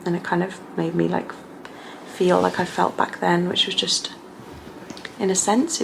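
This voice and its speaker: Emotional young mother, gravelly voice. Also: lowish voice, slight background noise, rough recording. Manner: candid, emotional, many fillers like "like". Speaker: vlogger, mother. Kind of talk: casual vlog chat to camera. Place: home bedroom.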